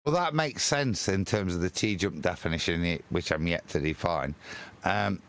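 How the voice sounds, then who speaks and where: A man's voice: deep voice, moderate pace, a bit bright. A man co-hosting a live stream, talking in a rambling, emphatic way with crude insults. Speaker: live show co-host.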